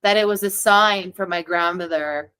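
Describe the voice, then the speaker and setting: A woman's voice: lowish voice, normal speed, sharp tone, smooth, poor audio. A woman guest on a podcast, telling her own story in a candid, chatty way and acting out the dialogue she quotes. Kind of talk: conversational storytelling.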